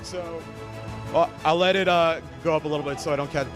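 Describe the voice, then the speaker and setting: A man's voice: fairly high pitch, steady tone, fairly quick. A man hosting a comedic awards segment on a conference stage, joking, stammering, reading out quotes. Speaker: awards host. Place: conference stage with music playing. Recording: music in the background.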